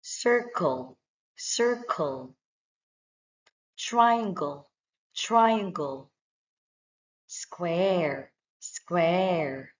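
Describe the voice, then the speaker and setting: Slow, clear woman drilling words for kids. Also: lowish voice, highs cut off. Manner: says each word twice, slow and clear. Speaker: English teacher for young children.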